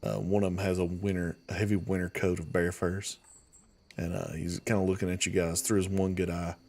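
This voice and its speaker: A man's voice: low-pitched, fairly even intonation, brisk, a little mellow. A man narrating combat and scenes as game master of a tabletop game.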